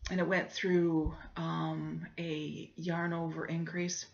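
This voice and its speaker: A woman's voice: low-pitched, little pitch movement, slow, gravelly, highs cut off. A woman hosting a podcast, telling a story in a chatty, casual way and laughing often. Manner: chatty, laughs often, acts out voices in her stories. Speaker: podcast host.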